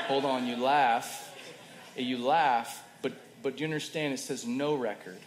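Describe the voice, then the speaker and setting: A man preaching a sermon in a conversational way, moving between loud emphasis and soft, quiet passages. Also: mid-range voice, steady tone, unhurried, crowd noise, background noise. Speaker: pastor. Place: church hall. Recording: roomy hall with faint ambience.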